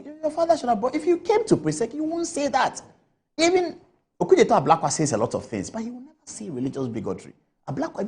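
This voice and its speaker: A woman's voice: high-pitched, warm tone. Woman scolding on a TV panel. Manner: rhetorical, repeated questions, scolding. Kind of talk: impassioned political commentary on TV. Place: TV studio.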